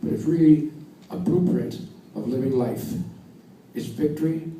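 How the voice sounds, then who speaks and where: Older American coach in an echoey hall. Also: male voice, on the high side, a little slow, dark tone. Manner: earnest, storytelling, emphatic repetition. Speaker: wrestling coach giving induction speech. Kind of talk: emotional speech at an awards dinner. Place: banquet hall with audience. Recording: distant, echoey hall with faint room noise.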